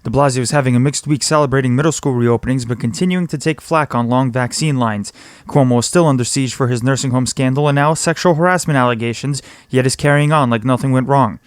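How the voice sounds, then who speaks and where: A man hosting a news podcast, reading a scripted roundup of the week's local news in a brisk, steady delivery. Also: mid-range voice, clean tone, no room sound.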